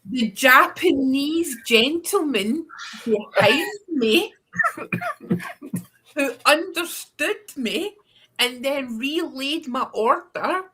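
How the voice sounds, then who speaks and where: A woman's voice: high-pitched, expressive, drawn-out words, sharp tone. A Scottish woman co-hosting a tarot livestream, chatting casually, laughing often and swearing now and then. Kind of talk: casual chat.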